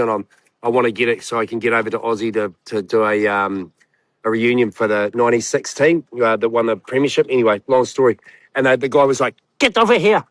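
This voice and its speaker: A middle-aged man, a guest telling stories in casual chat, excitable and blunt. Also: medium pitch, dry recording. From New Zealand. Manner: excitable storyteller, blunt and candid.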